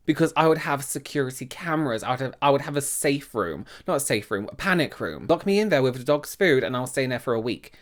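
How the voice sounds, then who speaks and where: A man hosting a reaction channel, chatting casually to his viewers. His pitch swings widely and he exclaims in disbelief. He moves between soft asides and loud outbursts. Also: fast talker, few pauses. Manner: animated, exclaims and talks straight to viewers.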